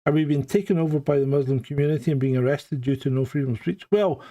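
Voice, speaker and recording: Man, Scottish accent, live-stream co-host, casual chat, joking, fairly high pitch. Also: quick pace, mellow. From Scotland. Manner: joking, laughs at his own remarks.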